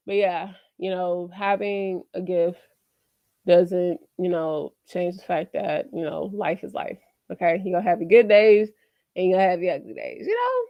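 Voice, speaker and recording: A woman's voice: fairly low pitch, animated, moderate pace, mellow, no echo. A woman vlogger talking casually to her viewers, candid and chatty, with slangy asides and lots of "you know". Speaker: vlogger giving life lessons. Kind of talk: casual talk to camera.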